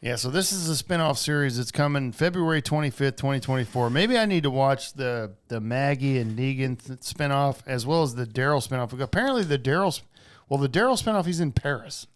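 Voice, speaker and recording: A man's voice: mid-range voice, lively intonation, fairly quick, smooth. A man co-hosting a casual podcast, swearing often and calling his friend bro and dude. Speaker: podcast co-host. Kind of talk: casual sports and pop-culture chat.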